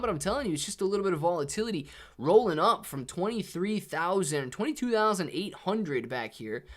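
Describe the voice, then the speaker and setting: A high-voiced young man hosts a live trading stream, a little out of breath as he excitedly thanks viewers by name between bursts of market commentary.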